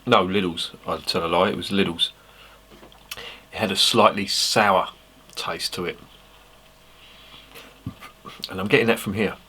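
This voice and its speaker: A man's voice: deep voice, steady tone, moderate pace, bright, forceful tone, slightly rough. An English man reviewing a beer on camera in a casual, rambling way, swearing freely and making self-mocking asides. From England.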